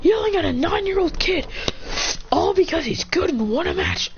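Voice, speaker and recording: A woman's voice: very high-pitched, sing-song, moderate pace, noisy background, voice pushed up, heavily acted. A woman voicing a furious giant male fox spirit who scolds a crowd, on a slightly dull lo-fi recording. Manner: raging, scolding.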